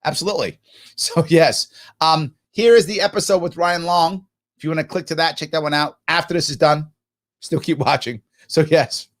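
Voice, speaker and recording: With a slightly high voice at normal speed, a political talk show host reads comments from viewers aloud during his live show. His answers are emphatic, and he tends to pose questions and then answer them on his own. Expect an animated tone and jokey asides.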